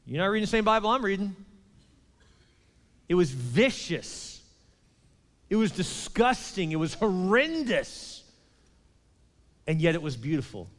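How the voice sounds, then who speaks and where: High-voiced pastor preaching in a hall. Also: male voice, sing-song, a little slow, pauses often. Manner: emphatic, swings between loud and hushed. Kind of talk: sermon.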